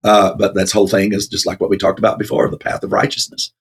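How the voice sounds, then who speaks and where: Guy chatting about the bible, low husky voice, lots of uhs, laughs a lot. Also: completely flat delivery, fast talker. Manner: rambling, many fillers, laughs often. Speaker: co-host of a Bible talk show. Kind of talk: casual Bible discussion.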